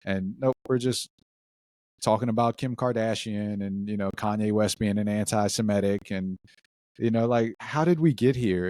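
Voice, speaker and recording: A man's voice: mid-range voice, darkish tone, no room sound, studio quality. A man co-hosting a podcast. He rambles through a string of questions in a wry, searching way. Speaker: podcast co-host. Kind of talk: candid podcast conversation.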